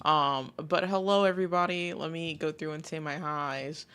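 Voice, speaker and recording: A woman's voice: low-pitched, fairly even intonation, moderate pace, bright, forceful tone, smooth. A woman VTuber host chatting casually with her live chat, talking through a sore throat as she comes down sick, swearing freely as she greets viewers. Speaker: VTuber streamer.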